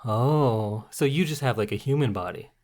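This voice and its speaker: A woman hosting a podcast in casual chat, spinning absurd bits in a deadpan way. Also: very deep voice, moderate pace. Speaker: podcast host.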